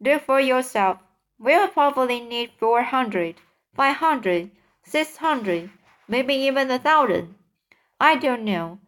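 A woman voicing a young boy who calmly explains his plan in a storybook reading. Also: a little high. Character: young boy, calm and determined.

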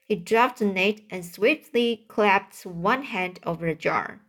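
Slow, halting woman reading aloud. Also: mid-range voice, a bit bright. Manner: halting, with small restarts. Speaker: reader. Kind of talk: reading a children's book aloud.

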